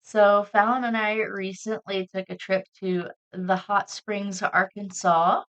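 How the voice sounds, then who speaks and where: A woman co-hosting a podcast in a relaxed, chatty way, with frequent fillers. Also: medium pitch, slow pace. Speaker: podcast co-host. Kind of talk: casual podcast chat.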